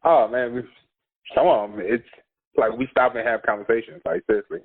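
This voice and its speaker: A man's voice: medium pitch, fairly quick. A man, a school counselor, chatting as a guest on a podcast, laid-back and laughing often as he tells stories. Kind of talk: casual podcast chat. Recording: phone-like narrow sound.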